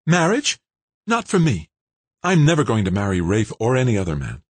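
A man's voice: fairly low pitch, sing-song, fairly quick, husky, dry recording, voice pushed up. A man reading an audiobook, voicing a flippant, restless young woman in a raised, light, offhand voice.

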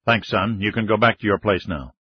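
A man's voice: on the low side, fairly quick, breathy edge, no room sound. A man voicing a curt commanding president. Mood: brisk. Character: resolute middle-aged man, U.S. president. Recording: slightly dull lo-fi recording.

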